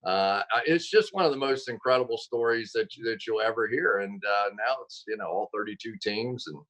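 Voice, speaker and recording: A man, a football analyst guest on a sports talk show, telling stories casually and acting out quotes with sudden jumps in pitch. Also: brisk, fairly bright tone, low-quality recording.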